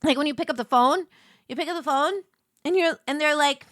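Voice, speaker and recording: A woman streamer chatting casually while playing a game, telling stories in an animated way. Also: high-pitched, a little fast, no room sound, clean studio sound. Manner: animated storytelling with laughs. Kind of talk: casual chat while gaming.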